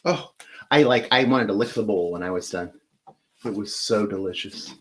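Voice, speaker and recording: A man's voice: fairly low pitch, moderate pace, a little hiss or hum. A man hosting a live flower-arranging demonstration, chatty and enthusiastic as he talks while working with his hands. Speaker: florist host.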